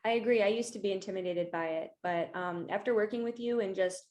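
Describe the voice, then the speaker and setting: A woman's voice: medium pitch, fast talker, darkish tone. A young adult woman, an actor, interviewing her coach in an enthusiastic, casual way with many fillers, over a video call.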